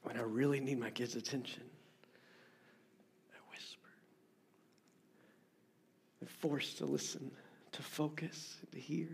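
A middle-aged pastor preaching a sermon, repeating phrases for emphasis and swinging between loud stresses and soft whispers. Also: male voice, medium pitch, moderate pace, gravelly, husky.

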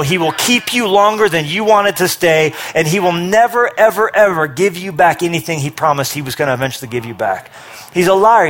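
Energetic male preacher with bursts of force. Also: high voice. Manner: energetic, rising to forceful emphasis with quick asides. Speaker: pastor. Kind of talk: sermon.

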